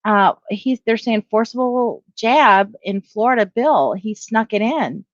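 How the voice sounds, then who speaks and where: A woman's voice: on the high side, expressive, measured pace, no room sound, lo-fi sound. A middle-aged woman giving casual opinion commentary, rambling, correcting herself and reading headlines aloud. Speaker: video blogger.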